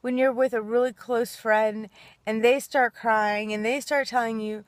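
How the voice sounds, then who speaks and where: A woman with a slightly high voice speaks at a measured pace and in a level tone, with no room sound, and she sounds choked up. She hosts a self-help video, talking earnestly and casually to camera in a heartfelt way, rambling a bit and acting out little quoted exchanges.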